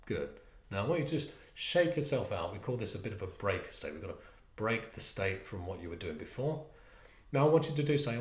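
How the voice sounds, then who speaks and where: A man coaches a de-stressing exercise in a lowish voice that rises and falls with lively swings. He coaxes and stretches out words as he directs. The room around him sounds echoey. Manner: animated, coaxing, drawn-out words. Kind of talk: guided exercise instruction.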